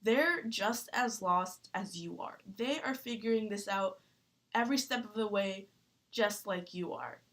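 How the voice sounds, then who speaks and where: A woman's voice: medium pitch, fairly bright tone. Earnest young woman vlogger, near tears. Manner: earnest, halting, many fillers. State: tearful. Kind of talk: personal advice vlog.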